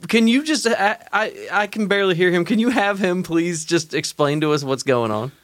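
A man co-hosts a comedy bit, acting clueless with real liveliness. His voice sits high and swings widely. The mic is dry and close. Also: expressive, normal speed, a bit bright, dry recording. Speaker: co-host. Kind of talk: improvised comedy chat.

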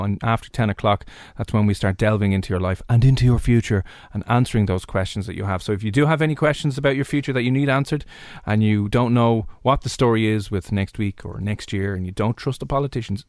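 A man's voice: fairly low pitch, a little mellow, no echo. A man with an Irish accent hosting a casual radio chat in a studio, joking and bantering. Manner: jokey, bantering, puts on accents. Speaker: radio host. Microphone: studio microphone.

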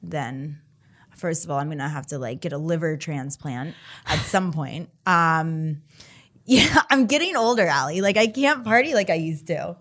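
A woman co-hosting a podcast, chatting playfully with jokes and quick interjections. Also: sits low, lively intonation, fairly bright tone. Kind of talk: casual chat.

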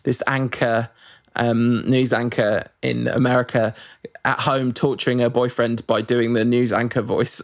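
A man's voice: mid-range voice, steady tone, normal speed. A man hosting a casual football podcast, reading out listener questions with wry asides. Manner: chatty, wry, reads out listener messages with asides.

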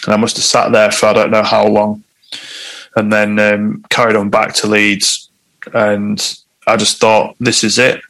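A man's voice: on the low side, monotone, a little slow, a bit bright, rough recording. A man, a guest telling a personal story in conversation, candid and reflective.

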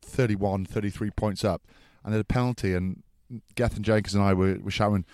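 A man's voice: on the low side, fairly even intonation, fairly quick, darkish tone, clean tone, dry recording, studio quality. A man, a former rugby player, chatting easily on a podcast, teasing his co-host and telling anecdotes from his playing days. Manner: easygoing, teasing, tells anecdotes. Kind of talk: casual chat.

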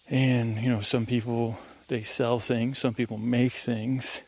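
A man's voice: medium pitch, level tone, normal speed, hardly any pauses, a little mellow, breathy edge. A tired man hosting a podcast, musing in a meandering way while he walks outdoors in the woods. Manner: meandering, musing, full of fillers. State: tired and dehydrated. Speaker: podcast host. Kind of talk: rambling sleep-podcast monologue. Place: outdoors on a woodland walk.

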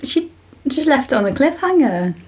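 A woman's voice: sits high, big pitch swings, moderate pace, darkish tone. A young woman co-hosting a podcast, telling rambling stories in casual chat and often giggling. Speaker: podcast co-host.

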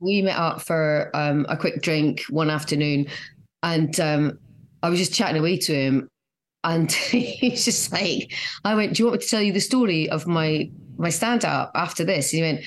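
A woman's voice: low-pitched, normal speed. Chatty Scottish woman, laughs a lot. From Scotland. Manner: chatty, self-mocking, laughs often. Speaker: guest comedian. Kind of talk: casual chat.

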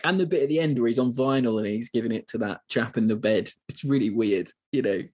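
A man's voice: medium pitch, fast, a little mellow, breathy edge. A man co-hosting a podcast, chatting loosely about a film with frequent restarts and asides. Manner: chatty, rambling with many restarts. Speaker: podcast co-host. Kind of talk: casual film discussion.

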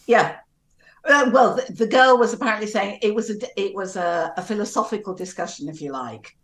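Calm female educational psychologist, echoey line. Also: mid-range voice, moderate pace. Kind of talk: radio debate guest.

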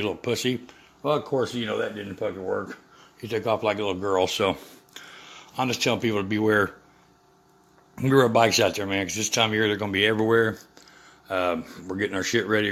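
An older man hosting his own podcast, talking in an unscripted, rambling rant full of swearing and fillers. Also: fairly low pitch. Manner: profane and rambling, with many fillers; gets loud and heated when quoting himself. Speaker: podcast host.

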